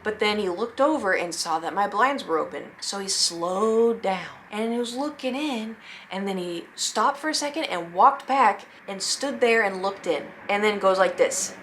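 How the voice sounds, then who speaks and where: A woman's voice: normal speed, a little hiss or hum. A young woman streamer casually telling a story to her viewers, acting out her friends' reactions. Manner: animated, acts out quoted friends in a higher voice.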